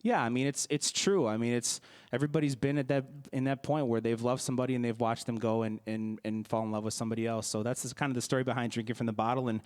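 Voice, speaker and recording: A man's voice: mid-range voice, steady tone, fast, hardly any pauses. A young man, a singer-songwriter from the Milwaukee area, answering interview questions in a casual, hesitant way with many fillers and restarts.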